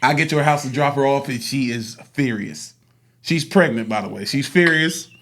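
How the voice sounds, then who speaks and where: A man's voice: mid-range voice, normal speed, a bit bright. A man hosting a podcast, asking questions and telling joking, loose stories in casual chat. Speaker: podcast host. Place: podcast studio.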